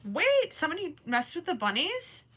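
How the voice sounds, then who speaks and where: A young woman chats with her viewers on a crochet livestream, her voice bright and clear. She is talkative and easily distracted, and keeps breaking off to count her stitches under her breath. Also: very high-pitched, very animated, moderate pace. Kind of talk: casual livestream chat while crocheting.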